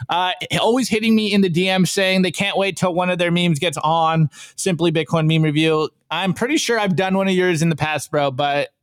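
A man's voice: high voice, steady tone, a little fast, few pauses, no room sound. A man hosting a live show in a casual, upbeat way, reading out posts and chatting about them with the odd laugh. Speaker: podcast host reviewing memes. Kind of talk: casual live-stream chat.

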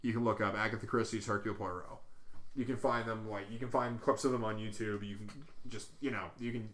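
A man's voice: fairly low pitch, fairly even intonation, fast talker, a bit bright. A man co-hosting a podcast in casual chat, rambling and cursing, often restarting words. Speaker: podcast co-host. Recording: echoey room.

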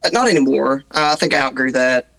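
A man's voice: mid-range voice, quick pace, gravelly, a bit bright, rough recording. A man with a Southern Appalachian accent, a musician being interviewed, talking casually with restarts and self-deprecating asides. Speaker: musician guest.

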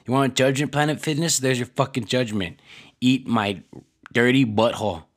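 A man's voice: mid-range voice, normal speed. A man ranting casually on a podcast, swearing constantly and rambling with lots of filler words. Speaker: podcast host.

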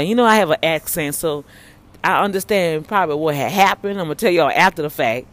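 A man who prays for the sick, telling viewers a story in a casual, animated way and often calling them y'all. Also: fairly high pitch, brisk. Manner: animated, addresses listeners as y'all. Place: hospital waiting area.

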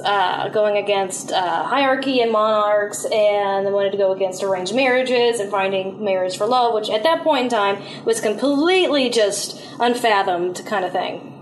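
A chatty woman guest rambles cheerfully, her voice a little higher than most. The room adds a noticeable echo and a faint hum sits behind her. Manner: chatty, rambling with fillers, laughs easily. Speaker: podcast guest. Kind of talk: casual podcast chat.

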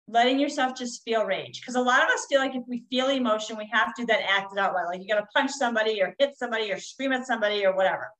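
A woman's voice: a little high, fairly bright tone, poor audio. A woman, a coach, telling a personal story in a candid, rambling way with frequent fillers.

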